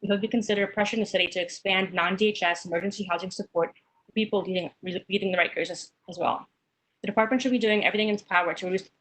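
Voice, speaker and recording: Rushed woman reading public comment. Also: medium pitch, fairly bright tone, rough recording. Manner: rushed, stumbling restarts. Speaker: public commenter, bail advocate.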